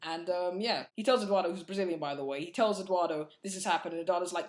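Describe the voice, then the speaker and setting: A man's voice: high voice, racing. A man giving a casual, blunt film review, chatty and full of fillers and restarts. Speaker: movie reviewer.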